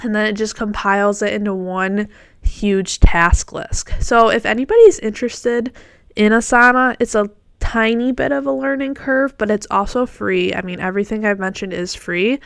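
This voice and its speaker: A woman's voice: medium pitch, fairly even intonation, normal speed, creaky, fairly bright tone, clean tone, no echo. A woman hosting her own podcast, chatting casually and encouragingly in her morning voice, with fillers and self-corrections as if talking to a friend. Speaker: podcast host. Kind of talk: casual solo podcast talk.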